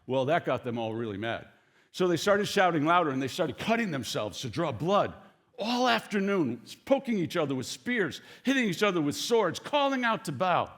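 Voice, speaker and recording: A pastor preaching a sermon in a conversational storytelling way, acting out the quoted lines and breaking off to talk straight to the congregation. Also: male voice, fairly high pitch, big pitch swings, moderate pace, fairly bright tone.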